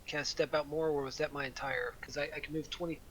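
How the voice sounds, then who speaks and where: Guy with a bright kinda high voice playing d&d, stop-start, faint hum behind. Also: fairly even intonation, poor audio. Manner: halting, asks many rules questions. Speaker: player, war cleric. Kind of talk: playing a tabletop game online.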